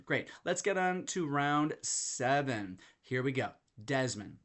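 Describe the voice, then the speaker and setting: Guy chatting thru his fantasy hoops draft picks, mid pitch, rambly, laughs at himself, checks his notes out loud. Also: big pitch swings, slow. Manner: chatty, self-deprecating, thinking aloud while checking notes. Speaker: fantasy basketball league commissioner. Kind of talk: casual draft breakdown commentary. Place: in London.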